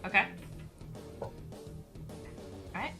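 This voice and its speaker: A woman playing a tabletop game, chatty and quick to giggle. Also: over music. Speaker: player.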